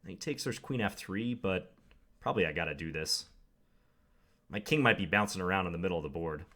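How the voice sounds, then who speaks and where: A man's voice: low-pitched, expressive, brisk, sharp tone. A young man commenting live on his own game, thinking aloud with wry, self-deprecating asides. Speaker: chess commentator.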